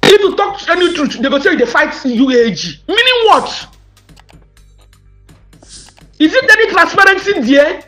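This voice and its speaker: A woman's voice: extremely high pitch, very animated, a little fast, few pauses, sharp tone, faint music behind. A woman with a Nigerian accent speaking to subscribers in an impassioned monologue, emphatic and mixing Pidgin and English, with outraged questions.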